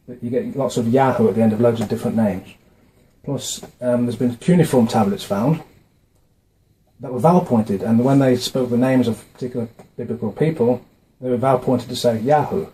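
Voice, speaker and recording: A man talking casually to camera from his notes, often pausing with fillers and restarting his words. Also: mid-range voice, dark tone, poor audio. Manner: hesitant, with frequent fillers and restarts. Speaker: video maker explaining a religious topic. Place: indoors, dim room. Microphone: camera mic, facing camera.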